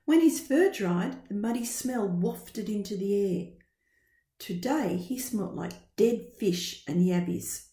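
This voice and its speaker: Slow, animated woman storyteller. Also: medium pitch. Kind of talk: children's picture book read-aloud. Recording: roomy echo.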